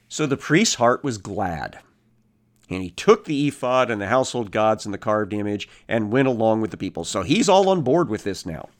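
Man teaching scripture, casual and lively. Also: lowish voice, normal speed. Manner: reads verses, then paraphrases casually with animated character voices. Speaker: Bible teacher. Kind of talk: expository Bible teaching.

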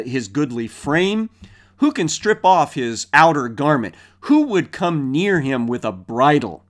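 A man teaching a Bible passage verse by verse, reading the scripture aloud and then explaining it in a conversational way, with rhetorical questions and frequent fillers. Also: mid-range voice.

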